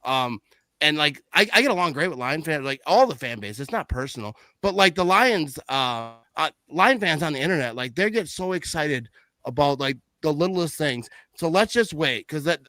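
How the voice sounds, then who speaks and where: A man chats about football in a rambling, animated way, piling on fillers and restarts. His voice sits a little high and rings bright and forceful. The sound is dry and close. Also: normal speed, no echo. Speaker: podcast guest. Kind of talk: casual sports chat.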